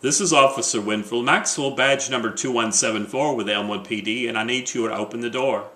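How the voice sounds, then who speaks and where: A man's voice: medium pitch, fairly quick, pushed and bright, lightly acted. A man reading the part of a firm, official female police officer in an echoey room. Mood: stern.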